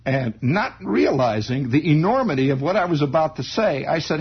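A man tells a story in a very husky, gravelly voice. His pitch swings lively and wry. The recording is dull and lo-fi. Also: normal speed, few pauses. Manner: wry, animated, chuckling. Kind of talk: spoken storytelling monologue.

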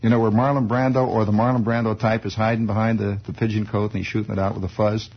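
A man's voice: on the low side, flat delivery, fast talker, husky. A man giving a wry, digressive comic monologue in a conversational radio style. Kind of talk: rambling comic storytelling monologue. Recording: dull lo-fi old radio recording.

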